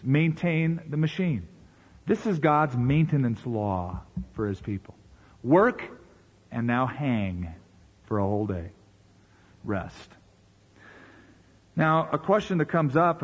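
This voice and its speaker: A man's voice: fairly high pitch, breathy edge. A man preaching a sermon as pastor, talking in a conversational way with rhetorical questions and asides.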